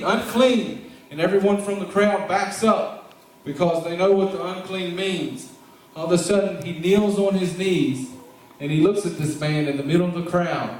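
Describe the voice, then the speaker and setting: A man narrating a Bible story at a church play, in a homespun, drawling way with preacher-like asides. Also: a little high. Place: large church sanctuary. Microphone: far camera. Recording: very echoey hall, recorded from far off.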